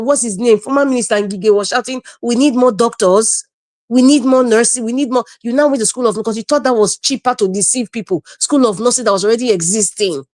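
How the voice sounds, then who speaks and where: Speaking as a panelist on a video call, a woman with a Nigerian accent delivers impassioned political commentary in a voice on the high side. She sounds indignant and emphatic, repeating her phrases. There's no room sound.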